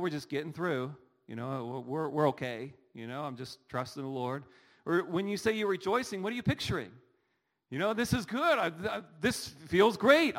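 Earnest high-voiced preacher man. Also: a bit bright. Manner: earnest, rhetorical questions, rises in emphasis. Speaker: pastor. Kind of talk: sermon.

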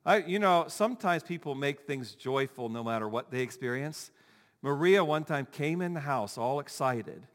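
A male pastor preaching a sermon, animated, acting out the people he quotes. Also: mid-range voice, normal speed. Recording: long hall reverb.

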